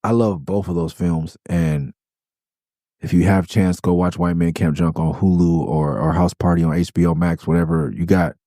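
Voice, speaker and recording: A podcast host from LA tells tour stories casually, his voice low-pitched and his speed normal. Swearing constantly and animated throughout, he raises his voice to act out quotes. It's recorded dry in a clean studio.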